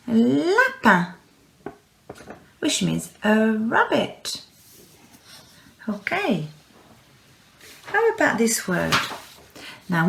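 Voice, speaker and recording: A woman teaching French words to young pupils, speaking slowly and patiently and stretching words out for them to repeat. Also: mid-range voice, gravelly, echoey room. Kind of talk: slow, clear classroom instruction.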